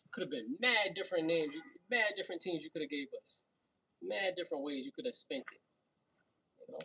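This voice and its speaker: Casting: slangy New York man in his thirties, husky, a bit higher-pitched, loose livestream banter. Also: fairly bright tone, poor audio. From Brooklyn, New York. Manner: slangy, laughing, chatty between sets. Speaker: fitness livestream host. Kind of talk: casual livestream chat while working out.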